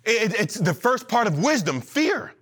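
A man preaching an animated, emphatic sermon to a church, repeating lines and joking between points. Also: sits high, unhurried, husky. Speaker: pastor.

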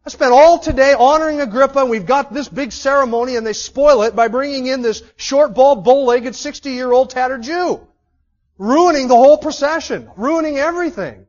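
A preacher doing a sneering Roman official. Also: male voice, very high-pitched, moderate pace, highs cut off, pitched above the performer's own voice. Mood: indignant. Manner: loud, sneering rant.

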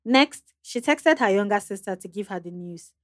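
A woman hosting a podcast, reading measured scripted narration about a guest's story. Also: medium pitch, expressive, no room sound, clean studio sound. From Africa. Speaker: podcast host.

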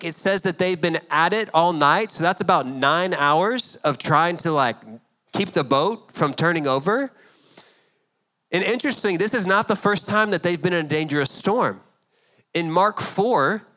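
A man in his thirties delivering a sermon with an easy, conversational touch. His voice sits a bit high for a man, and he keeps checking in with the congregation as he acts out small scenes from the story. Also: a bit bright. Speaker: pastor.

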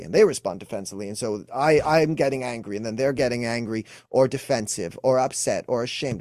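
A man's voice: lowish voice, darkish tone, no echo. Earnest man explaining, dry close sound. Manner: earnest, explanatory, acts out quoted dialogue. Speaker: emotional wellness coach, guest. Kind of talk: explaining in a podcast interview.

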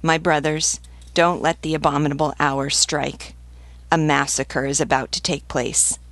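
Solemn pleading priest, read by a woman, slow measured speech, gravelly edge, dry close sound, storybook reading. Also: low voice, flat delivery, a bit bright, dry recording. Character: stern male revolutionary priest pleading.

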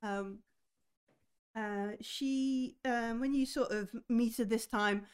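A woman running a tabletop role-playing game, narrating with frequent pauses and ums. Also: fairly high pitch, steady tone, clean tone. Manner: hesitant, many ums, acts out characters briefly. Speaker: game master.

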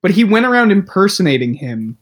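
A man's voice: high voice, sing-song, brisk. A man in casual podcast chat, telling rambling stories with wry asides.

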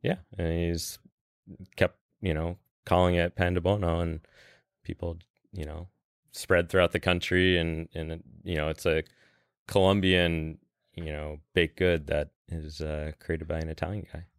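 A man talking as a guest on a podcast, relaxed and loose, filling pauses with "you know" and "um". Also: low-pitched, clean tone, no echo, studio quality. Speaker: guest, travel industry veteran. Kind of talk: casual podcast chat.

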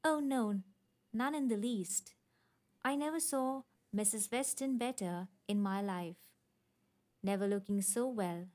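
A woman voicing a sensible, gently firm young woman in a storybook reading, sounding reassuring. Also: medium pitch, measured pace, close to an everyday voice. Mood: earnest.

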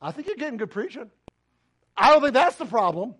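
A man's voice: very high-pitched, big pitch swings, brisk, fairly bright tone, slightly rough. A man preaching a sermon as pastor, emphatic and full of direct questions to the congregation. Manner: emphatic, preaching with rising and falling intensity.

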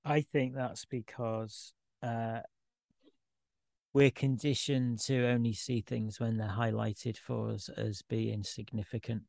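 A man talks in a loose, rambling way, candid and self-deprecating. His voice has a gravelly edge at a middle pitch. The sound is close and dry. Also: little pitch movement, slow pace, a little mellow, no room sound. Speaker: guest artist. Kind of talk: informal podcast conversation.

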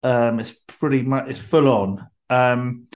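A man's voice: mid-range voice, slow pace. A man, co-hosting a casual chat, telling stories with many ums and restarts. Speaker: co-host. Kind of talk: casual chat about whiskey and anecdotes.

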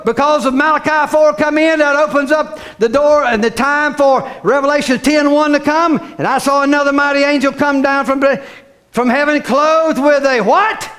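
A man preaching a fervent sermon, repeating phrases and rising to shouts. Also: extremely high pitch.

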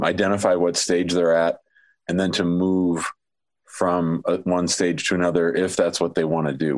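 A man with a nasal voice and a slight lisp that makes his S sounds whistle, talking plainly and reassuringly as a podcast co-host. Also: low voice. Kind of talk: casual podcast chat.

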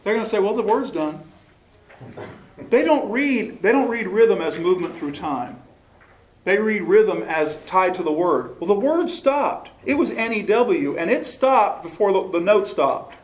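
A man's voice: high voice, sing-song, normal speed. A man leading a choral workshop session, explaining and asking questions, now and then singing a short phrase to demonstrate. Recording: echoey room recording.

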